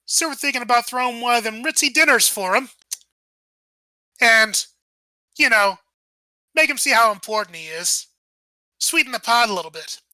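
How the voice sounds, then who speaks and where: Bright, slangy male schemer, wheedling, a woman voicing him, dry room. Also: on the high side, animated, normal speed, pauses often, dry recording. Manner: chatty, slangy, hedging. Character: scheming middle-aged male crook, folksy and wheedling.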